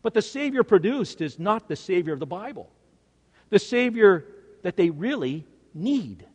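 A man's voice: high voice, sing-song, moderate pace, slightly rough. List: man, sermon, dramatic storytelling, long hall reverb. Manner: dramatic storytelling, swings from hushed to emphatic. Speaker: preacher.

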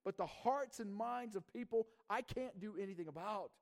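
A man's voice: high-pitched, moderate pace, gravelly. A man preaching a sermon in a casual, conversational way, often checking in with the audience and asking "right?". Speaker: pastor.

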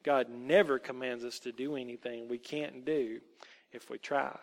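A man voicing a middle-aged Christian aunt who speaks softly but sternly, gently lecturing a child. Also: mid-range voice, steady tone, moderate pace, gravelly, natural voice. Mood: gently scolding. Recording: long hall reverb.

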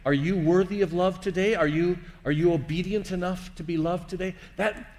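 A man's voice: sits high, steady tone, normal speed. Reflective male teacher with long reverb. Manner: warm, reflective, asks the listener questions. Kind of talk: teaching talk on faith.

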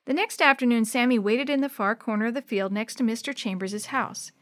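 A woman narrating a children's book chapter with clear, expressive storytelling. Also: on the high side, a little fast, no echo, clean studio sound.

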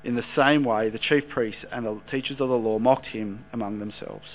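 A man's voice: mid-range voice, fairly even intonation, normal speed, few pauses. A man giving a sermon, reading a long scripture passage steadily and then explaining it in a conversational way. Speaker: preacher. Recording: dull lo-fi recording with mains hum.

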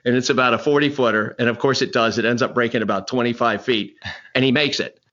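On a podcast, a middle-aged golf instructor shares meandering anecdotes at a fast clip, restarting often and acting out what others said. His mid-range voice is a bit bright with fairly even intonation, and the recording lacks high frequencies.

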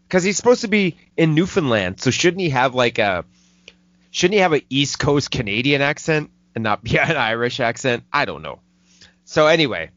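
A man hosting a casual movie review podcast, swearing a lot and rambling excitedly. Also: medium pitch, no room sound. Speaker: film podcast host. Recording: dull lo-fi dry recording.

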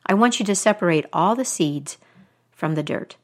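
A woman storyteller gives voice to a fearsome old witch who talks sharply and bluntly, sounding stern and commanding. Her lowish voice is expressive and moderately paced.

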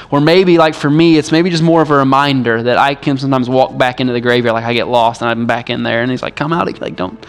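A male pastor delivering a sermon in a relaxed, conversational way, often dropping in "like" as he speaks. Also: mid-range voice. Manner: casual, conversational preaching with frequent "like".

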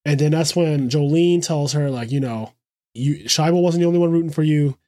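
Man, fairly high voice, animated casual retelling, dry close recording. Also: no room sound. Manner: animated retelling, quick asides, frequent swearing. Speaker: podcast co-host. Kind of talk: casual chat.

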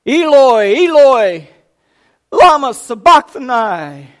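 A man voicing Jesus as a calm, suffering, dying man in a retold scripture scene. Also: a little high. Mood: anguished. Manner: quiet, slow, then a loud anguished cry.

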